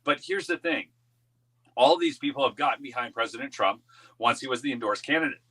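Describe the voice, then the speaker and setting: Male political show host with a bright, forceful voice, folksy and casual. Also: mid-range voice, lively intonation, fairly quick. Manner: folksy, addresses listeners as folks. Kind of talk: casual political talk with sponsor plugs.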